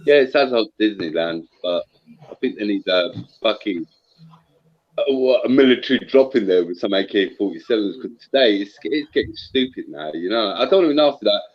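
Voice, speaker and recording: A man in a heated casual chat, swearing freely and telling stories with lots of slang. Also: on the low side. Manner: profane, animated storytelling with slang. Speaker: voice chat participant. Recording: dull lo-fi online audio.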